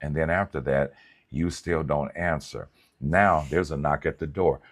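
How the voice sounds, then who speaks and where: A male pastor preaching through comic, conversational storytelling in a colloquial, animated way. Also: a bass voice, unhurried.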